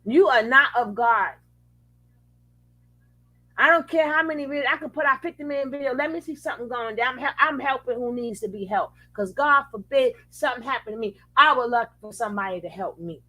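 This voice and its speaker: Lady reacting to a clip, mad, cussing, keeps restarting, kinda high voice. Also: fairly quick, bright, forceful tone, rough recording. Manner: angry, profane, restarts phrases. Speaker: reaction channel host. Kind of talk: reaction commentary.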